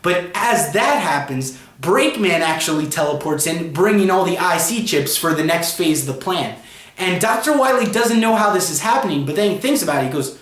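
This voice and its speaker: A man's voice: high-pitched, expressive, moderate pace, fairly bright tone, roomy sound. A man reviewing a comic book, rambling through the plot with a string of ands and you-knows. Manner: rambling retelling, chained with "and" and "you know". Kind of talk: casual plot recap vlog.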